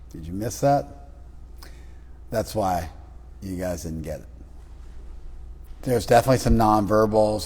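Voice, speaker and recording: A man with a slightly husky voice leads a lively class, teasing his students and acting out little scenes. His voice carries a long reverb from a large room. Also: on the low side. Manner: teasing, animated, acts out quoted voices. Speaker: spiritual teacher leading a class.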